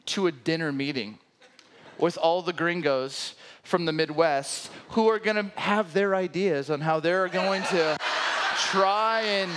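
A man telling a personal story in a lively way, often laughing as he speaks. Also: high voice, a little hiss or hum. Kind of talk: animated storytelling talk.

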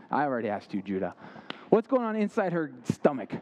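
A man's voice: medium pitch, sing-song, brisk, darkish tone. A young man giving an interactive sermon, quizzing his listeners and making playful asides. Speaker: youth camp speaker.

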